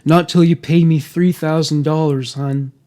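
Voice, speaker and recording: A man voicing a sleazy, demanding boyfriend in a story, reading the lines flatly and smugly. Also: fairly high pitch, a little slow, natural voice.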